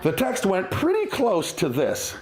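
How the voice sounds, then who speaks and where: Animated male comedian in roomy venue. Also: high voice, measured pace. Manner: conversational, self-mocking, acts out silly voices. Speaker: stand-up comedian. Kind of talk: stand-up comedy set. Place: winery venue with live audience. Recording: roomy live venue with audience laughter.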